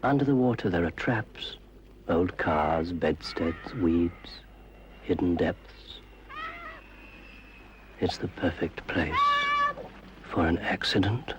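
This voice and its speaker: An older man voicing a menacing male spirit of dark water, speaking in a slow, sinister, deliberate way. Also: low-pitched, dull audio. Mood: gloating. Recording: noisy old public information film audio.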